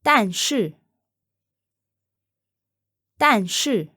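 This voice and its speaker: A woman giving model pronunciations for a language course, speaking each phrase slowly and deliberately, twice over. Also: fairly high pitch, lively intonation, bright, forceful tone, no room sound, studio quality. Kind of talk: slow repeated pronunciation examples.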